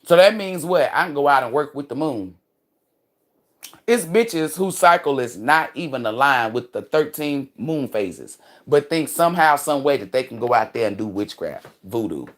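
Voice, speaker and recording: A woman's voice: very deep voice, expressive, normal speed. A woman hosting a livestream, ranting casually in a profane, emphatic and preachy way. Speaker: livestream host and spiritual commentator.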